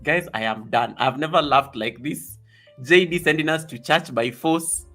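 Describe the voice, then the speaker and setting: A man hosting a casual live stream, excitable and reading viewer comments aloud. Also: on the high side, normal speed, faint music behind.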